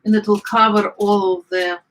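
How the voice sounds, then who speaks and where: A woman's voice: mid-range voice, level tone, normal speed, rough recording. A middle-aged woman with an Eastern European accent talks through a home recipe in a loose, chatty way. She often stops to hunt for a word, filling gaps with ums before carrying on. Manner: chatty, searching for words, many fillers. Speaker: home cook. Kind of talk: casual cooking vlog chat.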